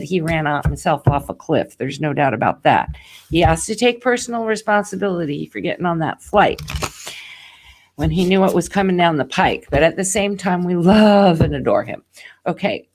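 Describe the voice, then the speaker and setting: A woman's voice: on the low side, slight background noise. A woman hosting a live tarot reading, talking in a rambling, tangential way straight to her viewers.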